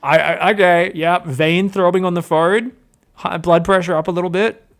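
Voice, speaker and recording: Brief: young man, game caster, slightly high voice, excitable and jokey, laughs a lot and slips into playful mock voices. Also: moderate pace. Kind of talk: excitable esports commentary.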